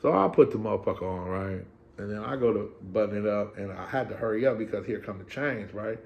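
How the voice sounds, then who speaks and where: A man's voice: lowish voice, a little fast, vocal fry, a little mellow, slight background noise. A middle-aged man telling a story in casual, profane slang, acting out the people in it and checking in with "right?". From California. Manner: slangy, acts out voices, keeps asking "right?".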